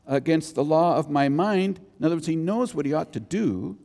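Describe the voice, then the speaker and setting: A man preaching a sermon as pastor, emphatic and animated, with sudden high exclamations. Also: moderate pace, creaky, hardly any pauses, long reverb tail.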